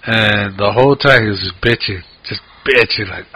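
A man's voice: lowish voice, normal speed, sharp tone, breathy edge. A man co-hosting a podcast, telling rambling stories in casual chat and swearing freely. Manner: profane, rambling storyteller. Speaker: podcast co-host. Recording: dull lo-fi podcast audio.

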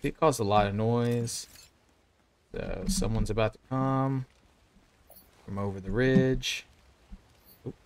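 Mid-range, a little mellow, and clean, his voice moves slowly with frequent pauses. He's a Southern American man in his thirties streaming games, chatty as he narrates live play and talks both to chat and to himself.

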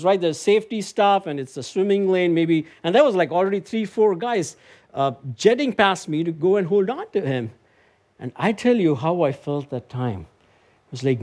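A man preaching a sermon in a church, telling a personal story and building to emphatic, high-pitched proclamation. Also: expressive, normal speed, a little mellow. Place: church sanctuary.

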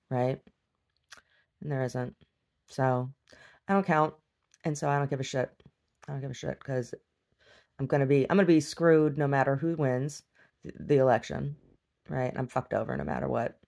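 A middle-aged woman with a notably low, deep voice talks straight to her camera in a personal video diary. She sounds worn out and resigned, and speaks bluntly with plenty of cursing. Dry little laughs break up her talk. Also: gravelly, a little mellow. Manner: weary, blunt and profane, with wry laughs. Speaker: video diarist. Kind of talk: candid video diary monologue.

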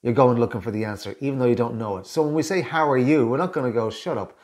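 Irish man, communication coach, chatty tips to camera, acts out small talk, mid-pitched voice. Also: rapid-fire, darkish tone.

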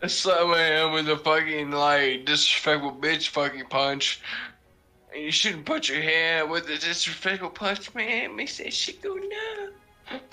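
A man's voice: a little high, lively intonation, unhurried, bright, forceful tone, faint music behind. A drunk man streaming a game, rambling through a profane story with lots of laughter. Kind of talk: casual gaming chat.

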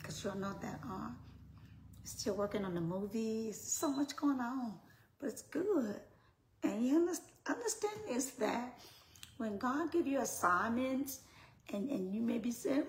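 A woman ministry leader talking casually to her followers, swinging between hushed, whispery asides and loud, laughing outbursts. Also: fairly high pitch, expressive, unhurried. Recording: roomy with faint noise.

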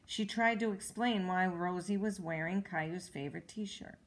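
A woman reading a children's storybook aloud at home, with clear, even, expressive narration. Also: on the low side, normal speed. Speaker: storybook reader.

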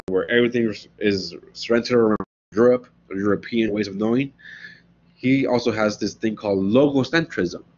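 A man lecturing on philosophy in a relaxed, conversational manner, often pausing to ask his listeners "right?". His voice sits low and has a husky edge. The recording is dull and lo-fi.

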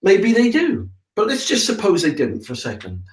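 A man's voice: sits high, huge pitch swings, normal speed, reverberant, rough recording. A man hosting a casual live broadcast, explaining things step by step in a chatty way and checking in with listeners. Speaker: septic tank business owner hosting a live broadcast.

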